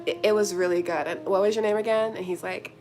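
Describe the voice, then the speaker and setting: A woman's voice: medium pitch, fairly even intonation, quick pace, darkish tone, soft background music. A young woman chatting casually to her viewers, telling a story with lots of slang, fillers and giggles. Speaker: vlogger answering viewer questions.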